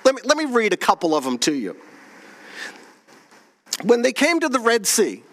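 A man preaching a sermon, reading scripture aloud, asking the congregation questions and slowing down on key phrases. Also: wildly swooping pitch, a bit bright. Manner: slows and drops low on key phrases. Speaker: pastor.

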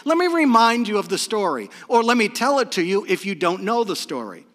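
High, lively preaching man. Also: fairly quick, in a large hall. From New England. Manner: animated storytelling, retelling scripture in his own words. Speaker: pastor. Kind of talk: sermon.

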